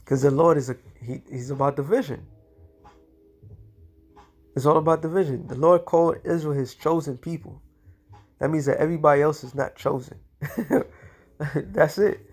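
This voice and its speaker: A man giving a combative religious commentary, speaking in casual slang and slowing into a measured cadence when he reads scripture aloud. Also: fairly high pitch, breathy edge. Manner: casual slangy speech, repeats "all right" and "okay".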